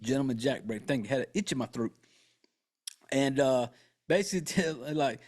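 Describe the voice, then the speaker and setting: A man's voice: a little high, moderate pace, darkish tone. A man hosting a podcast, casually and profanely retelling a horror movie's plot with joking asides. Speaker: podcast host.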